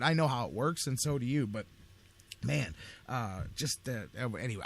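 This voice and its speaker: A man hosting a sports talk radio show, ranting in a fired-up, slightly agitated way and acting out other people in quick asides. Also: mid-range voice, fairly bright tone, dry recording. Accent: American. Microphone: studio microphone.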